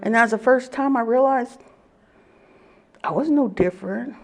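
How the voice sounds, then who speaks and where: Gravelly woman telling her story. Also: on the high side, moderate pace. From Oklahoma. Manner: animated storytelling, laughs often. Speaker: speaker at a recovery meeting. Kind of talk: personal testimony to a group.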